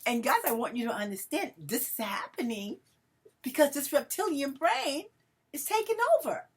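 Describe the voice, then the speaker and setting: A woman's voice: high voice, animated, normal speed. A woman vlogging to her followers in a casual, emotional monologue, calling herself melodramatic and talking to viewers as family. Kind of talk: casual direct-to-camera monologue.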